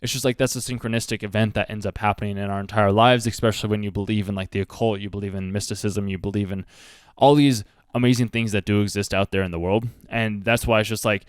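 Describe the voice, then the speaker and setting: A man talks quickly about an anime, drifting into earnest advice and leaning on "like" constantly. His voice is clean and smooth, recorded dry and close with no room sound. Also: fairly low pitch, fairly even intonation, no room sound. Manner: rambling, earnest, heavy use of "like". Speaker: anime reaction host. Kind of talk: casual commentary with life advice.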